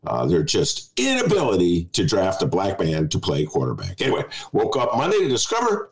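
A man's voice: low-pitched, wildly swooping pitch, a little fast, poor audio. A man hosting a casual talk show from his apartment, wry, chatty and opinionated. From Chicago. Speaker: podcast host. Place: home apartment.

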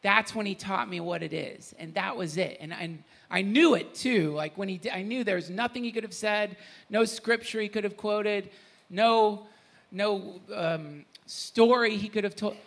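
A man telling an emotional personal story on stage at a retreat, animated, laughing, his voice sometimes breaking. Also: high-pitched, normal speed, gravelly. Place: retreat gathering with an audience.

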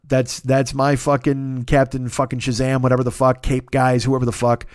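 A man in his fifties hosting a casual solo podcast, rambling and swearing as he tells animated stories. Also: mid-range voice, moderate pace, dry recording, clean studio sound. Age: 50s. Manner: profane, rambling, animated storytelling. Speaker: podcast host.

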